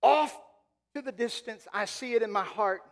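A male pastor preaching a sermon. He is emphatic, slows right down to stretch key phrases, and then drops to a quieter, conversational tone. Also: high voice. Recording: long reverb of a large hall.

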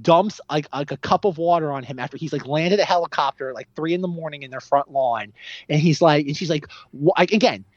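A man co-hosting a podcast, ranting rapidly and animatedly about films with a constant stream of "like". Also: fairly high pitch, dry recording, dull audio. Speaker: podcast co-host. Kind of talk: casual film chat.

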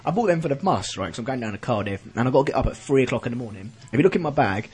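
A man's voice: mid-range voice, lively intonation, rapid-fire, darkish tone, husky. A man hosting a podcast in a studio, chatting casually in a rambling, jokey way with frequent laughs. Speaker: podcast host. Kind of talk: casual chat. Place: radio studio.

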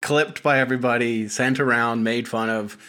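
A man's voice: mid-range voice, fairly even intonation, moderate pace, pushed and bright. A man co-hosting a podcast, teasing his friends and laughing in casual banter. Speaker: podcast co-host.

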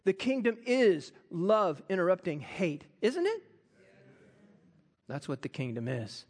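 A man preaching a sermon, animated and acting out quoted voices. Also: high voice, measured pace. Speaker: pastor.

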